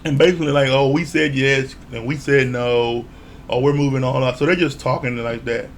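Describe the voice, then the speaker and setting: A man's voice: mid-range voice, fairly even intonation, moderate pace, slight background noise. A man casually recapping and reviewing a reality show episode, telling it loosely with slang, swearing and the odd chuckle.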